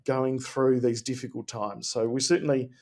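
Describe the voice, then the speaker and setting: A man co-hosting a podcast, speaking earnestly with frequent pauses and restarts. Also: mid-range voice, little pitch movement, a little mellow. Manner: hesitant, many fillers and restarts, earnest. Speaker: podcast co-host. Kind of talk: casual podcast chat.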